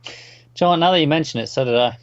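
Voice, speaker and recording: A man's voice: fairly high pitch, very fast, no room sound. Man on a dull, muffled mic. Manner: brief agreeing interjections. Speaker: podcast co-host. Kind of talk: casual review chat.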